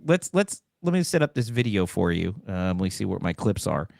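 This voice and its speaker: A male talk show host with a lively, swooping delivery, joking and slipping into mock voices as he banters. The sound is dry and close, with no room echo. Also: low-pitched, a little fast, gravelly. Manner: animated, jokey, mimics voices.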